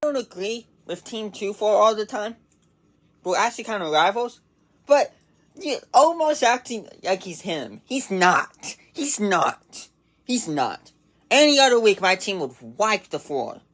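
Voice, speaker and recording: A woman's voice: medium pitch, sing-song, unhurried, fairly bright tone. A young woman managing a fantasy league team, talking casually in an exasperated, self-critical, slangy way. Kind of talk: casual recap monologue.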